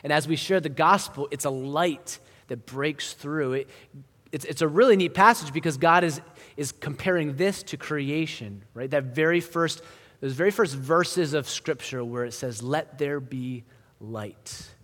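A male pastor preaching a sermon in a conversational style, building to emphatic lines and then dropping to quiet ones. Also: fairly high pitch, moderate pace. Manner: conversational preaching with rising emphasis and hushed drops. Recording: long hall reverb.

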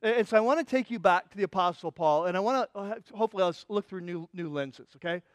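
High-voiced man preaching passionately. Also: dry recording. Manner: vivid, passionate storytelling with quick restarts. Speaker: pastor. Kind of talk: sermon.

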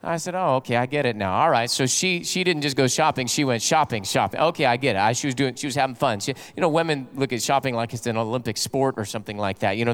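A man's voice: medium pitch, clean tone. A middle-aged man, a pastor, preaching a sermon and telling stories and jokes to his congregation. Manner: storytelling preacher who plays out quotes and jokes with the congregation.

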